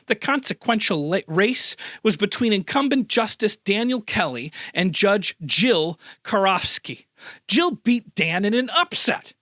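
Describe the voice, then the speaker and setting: A man's voice: sits high, fairly bright tone, no echo, clean studio sound. A man from the Midwest hosting a comedic news roundup, sarcastic and full of mock-outraged asides. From American Midwest. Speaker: news host.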